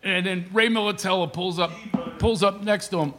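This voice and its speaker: A man's voice: high-pitched, moderate pace, bright, forceful tone. A male comedian telling stories on a radio talk show, often laughing through them and acting out the people in them. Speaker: comedian guest. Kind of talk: animated comic storytelling.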